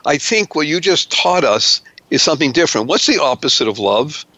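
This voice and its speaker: A man hosting a radio interview, with a gushing, flowery way of speaking and drawn-out words. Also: fairly high pitch, expressive, pushed and bright, no echo. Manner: effusive, flowery, drawn-out delivery. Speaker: radio show host.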